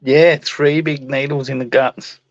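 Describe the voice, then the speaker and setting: A man's voice: medium pitch, little pitch movement, measured pace, no echo, muffled recording. A man chatting casually on a live stream, adding short remarks and laughing along. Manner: chuckling, brief agreeing replies. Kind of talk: casual chat.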